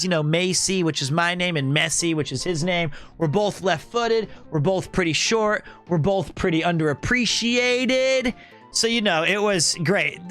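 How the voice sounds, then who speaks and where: Bright high-voiced man telling stories. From United States. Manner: animated, rambling, joking storyteller. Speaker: streamer host. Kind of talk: casual storytelling recap.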